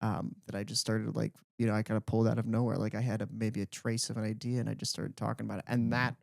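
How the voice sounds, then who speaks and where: A young man co-hosting a podcast, telling stories in a casual, animated way with lots of "like". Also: on the low side, quick pace, creaky, no room sound, studio quality. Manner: animated storyteller, heavy use of "like". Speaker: podcast co-host. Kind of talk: casual chat.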